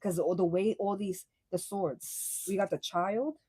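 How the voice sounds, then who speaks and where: A young woman giving a casual live tarot reading, blunt and profane, full of slang and quick laughs. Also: mid-range voice, fairly even intonation, warm tone, husky, no room sound, low-quality recording. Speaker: tarot reader.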